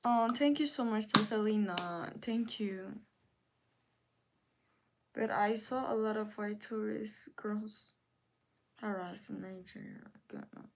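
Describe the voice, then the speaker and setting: A woman's voice: slow pace, gravelly, pauses often, a little hiss or hum. Woman ranting indignantly on a livestream. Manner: indignant, repetitive ranting with sudden rises in pitch. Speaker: livestream host. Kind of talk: casual livestream chat, reading comments aloud.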